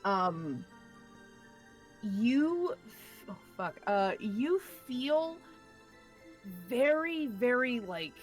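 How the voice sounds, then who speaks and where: A woman's voice: a little high, big pitch swings, extremely slow, pauses often, soft background music. A woman narrating a tabletop game as dungeon master, hesitant with many fillers and casual swearing.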